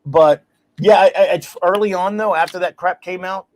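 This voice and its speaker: A man hosting a casual talk show, telling stories in an animated, ranting way and laughing as he goes. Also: sits high, moderate pace. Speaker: podcast host. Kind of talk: casual chat.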